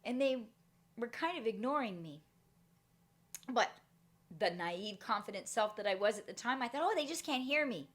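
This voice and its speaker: A middle-aged woman speaks in a fairly high voice, giving a motivational talk. She tells a personal story with energy and acts out the voices of the people in it. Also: expressive, moderate pace, pauses often, fairly bright tone. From Canada.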